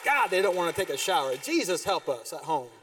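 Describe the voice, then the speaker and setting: A middle-aged man preaching a sermon as pastor, telling animated stories with sudden loud bursts and quiet drops. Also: fairly high pitch, fairly quick, a little hiss or hum. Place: church sanctuary. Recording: distant mic in a reverberant church hall.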